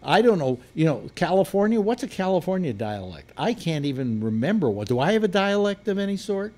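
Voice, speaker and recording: A man's voice: high voice, big pitch swings, a little fast, darkish tone. An older man hosting a live panel chat, talking casually and rambling with restarts. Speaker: host.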